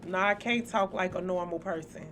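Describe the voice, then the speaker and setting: A woman's voice: lowish voice, normal speed, heavy background noise. Blunt, foul-mouthed woman hosting spiritual chat. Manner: blunt, profane, joking, speaks straight to viewers. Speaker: spiritual channel host. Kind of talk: casual spiritual chat to viewers.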